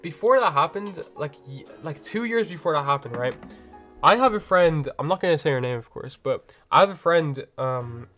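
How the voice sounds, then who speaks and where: A man's voice: on the high side, lively intonation, normal speed, a bit bright, faint music behind. A man hosting a livestream and chatting casually with viewers from home, rambling and packed with slang fillers. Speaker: livestream host.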